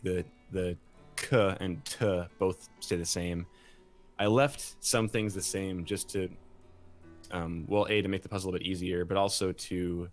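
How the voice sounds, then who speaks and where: A man casually explaining how he built a made-up game language, rambling with many fillers and restarts. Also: sits low. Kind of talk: casual chat.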